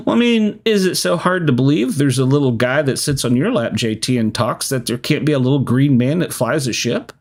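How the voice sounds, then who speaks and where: Male podcast host, mid-pitched with some vocal fry, loose and chatty. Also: lively intonation, moderate pace. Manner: rambling, laughs often, lots of fillers. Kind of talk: casual live-stream chat.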